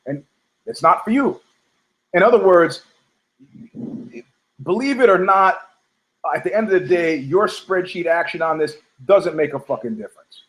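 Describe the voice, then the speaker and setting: High-pitched ranting New York man. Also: fairly bright tone, poor audio. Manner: profane, heated, rambling with restarts. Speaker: podcast host. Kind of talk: ranting monologue.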